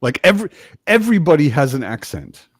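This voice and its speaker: A man hosts a relaxed chat over a video call, his voice swinging widely in pitch as he jokes and swears in passing. His delivery is loose and chatty, and the sound is dry and close with no room around it. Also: brisk, breathy edge, no room sound. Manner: chatty, swears casually, jokey. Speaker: host. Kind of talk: casual chat.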